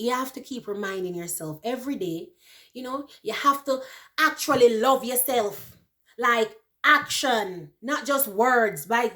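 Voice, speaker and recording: A woman in her thirties talking casually to her viewers, animated, laughing often and checking in with "you know" and "right". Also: on the high side. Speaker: vlogger. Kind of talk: casual chat to camera.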